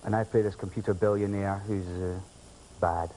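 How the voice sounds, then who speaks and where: A man's voice: sits low, steady tone, moderate pace, warm tone, slight background noise, poor audio. A man guesting on a talk show, telling cheeky anecdotes with lots of giggling. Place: television studio.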